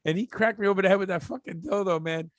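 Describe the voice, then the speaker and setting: A man's voice: high-pitched, fast, no echo. A man co-hosting a podcast, telling crude stories casually, laughing at them and chiming in with jokes. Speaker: podcast co-host. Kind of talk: casual profane storytelling.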